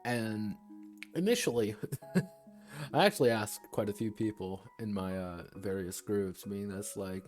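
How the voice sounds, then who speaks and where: A man's voice: lowish voice, unhurried, darkish tone, soft background music. A man streaming a casual talk about tabletop game design, rambling and digressive as he thinks aloud. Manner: rambling and digressive, slips into quoted voices.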